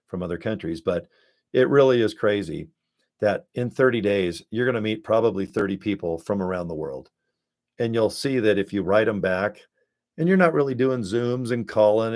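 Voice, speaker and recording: A man from the United States talks to his viewers through a webcam at his home desk. He rambles in a chummy, offhand way, often slipping into little acted-out asides. His voice sits fairly low. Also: darkish tone. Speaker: network marketing promoter. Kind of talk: casual webcam pitch to viewers. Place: home desk setup with screens and ring light.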